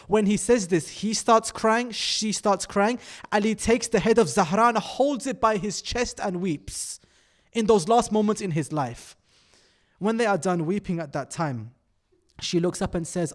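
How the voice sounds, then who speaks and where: Male preacher, high voice, mourning sermon narration, hushed and grieving, building to impassioned pleading. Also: a little slow. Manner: recounts dialogue in a hushed, grieving tone, rising to an impassioned plea.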